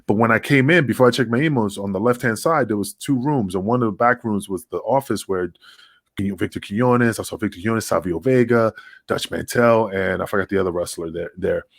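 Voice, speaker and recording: A man's voice: lowish voice, brisk, gravelly, no echo, clean studio sound. Profane middle-aged man telling war stories. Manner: profane, animated, acts out dialogue. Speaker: podcast guest. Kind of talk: casual storytelling.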